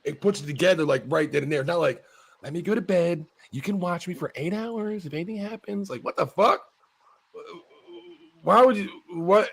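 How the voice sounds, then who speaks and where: Man, gravelly voice, slightly raised pitch, husky, rambling profane casual chat. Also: normal speed, a bit bright. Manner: rambling, profane, with many restarts. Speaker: podcast host.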